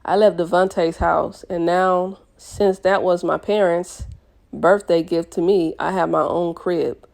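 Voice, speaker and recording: Low-voiced woman reading a novel aloud. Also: fairly even intonation, a little slow, gravelly, darkish tone. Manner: casual, chatty asides. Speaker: book reader, channel host.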